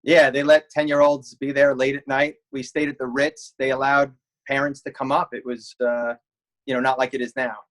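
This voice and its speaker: A man's voice: medium pitch, level tone, moderate pace, fairly bright tone, poor audio. Wry man telling camp stories. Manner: wry, storytelling with humor. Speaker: camp alumnus guest. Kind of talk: reminiscing interview answers.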